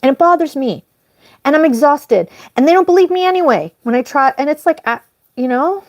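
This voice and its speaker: Rambling, apologetic woman streamer, higher voice. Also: a little fast, dry recording, clean studio sound. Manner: animated, jumps up in pitch on emphasis. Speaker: livestream host. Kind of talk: casual live-stream chat.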